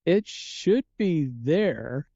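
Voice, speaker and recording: Older man hosting, dark and earnest. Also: fairly high pitch, sing-song, extremely slow, gravelly, no echo, lo-fi sound. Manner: earnest and grateful, easygoing. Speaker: podcast host. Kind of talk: casual podcast interview.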